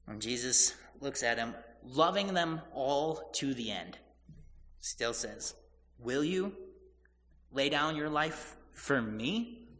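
A man's voice: mid-range voice, pushed and bright, big-room sound. A man preaching a sermon, retelling scripture in casual everyday paraphrase and acting out the people in the story.

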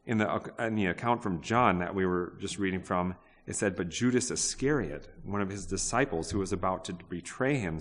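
A man with a very low voice preaches a sermon to his congregation. He talks in a conversational way, asks questions and restarts his sentences. His voice rings with the long reverb of a big hall. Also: moderate pace, few pauses, a bit bright. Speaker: pastor.

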